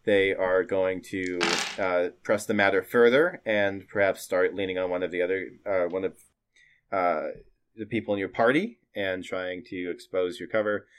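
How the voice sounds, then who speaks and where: A man's voice: sits low, steady tone, normal speed, a little hiss or hum. A man narrating as game master of a tabletop game in a chatty way, laughing and using lots of fillers.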